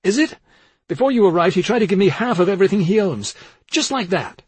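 A man voicing a panicked young man, shouting in a frantic, pleading way. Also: mid-range voice, big pitch swings, moderate pace, slightly rough, no echo. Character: panicked young man fearing for his twin.

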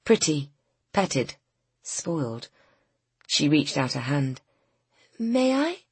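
A woman narrating a novel as an audiobook, in calm, even storytelling. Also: very deep voice, slow, husky, dry recording. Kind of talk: scripted narration.

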